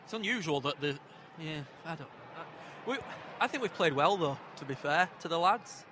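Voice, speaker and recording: A man's voice: fairly high pitch, lively intonation, moderate pace. A young man bantering through a live match from the stands, teasing and dryly sarcastic. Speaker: football fan vlogger. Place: football stadium stands, outdoors. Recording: noisy outdoor stadium.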